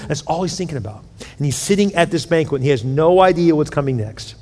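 Man, pastor, sermon, high voice, lively storytelling, long hall reverb. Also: fast. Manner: animated storytelling, acting out characters' lines.

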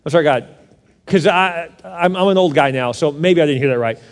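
A man's voice: on the high side, fairly quick, close to an everyday voice. A man preaching plays an older man protesting to God in stammering disbelief, in an echoing hall. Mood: incredulous. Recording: long reverb of a large hall.

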